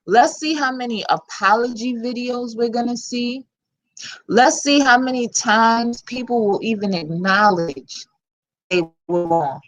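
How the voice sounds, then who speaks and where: A woman with a New York accent speaks in an unhurried, drawn-out way. She talks bluntly and frankly, full of street slang, as she gives casual commentary on her own channel. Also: on the high side, rough recording. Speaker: channel host.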